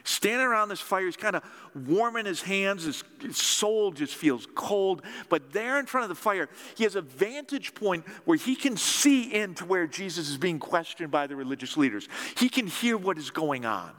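A man preaching with a bright, ringing voice that swings widely up and down as he acts out the story. His words carry a long reverb, as from a big church hall. He pulls the congregation in with call-and-response. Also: sits high, normal speed, few pauses. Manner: animated storytelling, acting out dialogue with audience call-and-response. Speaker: pastor. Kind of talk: sermon.

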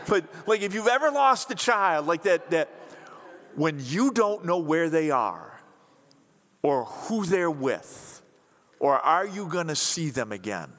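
Male pastor, chatty and animated, pitch swinging all over, preaching to a congregation. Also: measured pace. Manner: animated, conversational, acts out quotes. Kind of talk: sermon. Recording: reverberant hall.

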